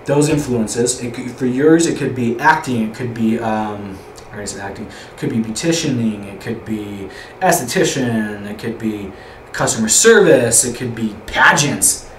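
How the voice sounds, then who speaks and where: A man's voice: mid-range voice, normal speed. A young man leading an informal youth group lesson, rambling, repeating himself and asking the group questions. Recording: roomy echo, distant mic, faint room noise.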